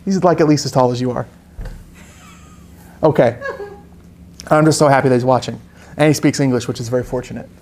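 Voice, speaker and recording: A young man hosting a live painting lesson, relaxed and joking with chatty asides. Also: mid-range voice, fairly quick, long pauses, a little hiss or hum. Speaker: art instructor hosting a live painting stream. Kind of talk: casual live tutorial chat.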